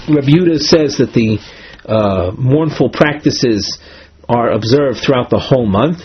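A man teaching a Talmud class, the text and explaining it step by step in a measured way, an of the text. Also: mid-range voice, slight background noise. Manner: reads and explains, slow and measured, with self-corrections. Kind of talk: Talmud class, reading and translating line by line. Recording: muffled lo-fi class recording.

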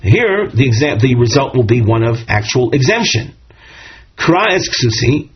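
A man's voice: medium pitch, big pitch swings, normal speed, breathy edge. A man giving a Talmud lesson, reading Hebrew and Aramaic phrases and explaining them, with fillers and restarts. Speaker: Talmud teacher. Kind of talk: Talmud class lecture. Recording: dull lo-fi recording.

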